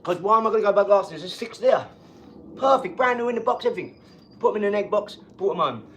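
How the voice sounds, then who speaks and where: A man hosting a casual live stream from his home garage, talking in an energetic, rambling, chatty way. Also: high voice, quick pace, slight background noise. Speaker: livestream host.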